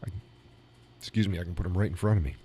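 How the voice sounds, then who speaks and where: A man's voice: deep voice, racing, warm tone, a little hiss or hum. A man hosting a live show from his small home studio, chatting in a rambling way and chuckling often. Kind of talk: casual live-stream chat.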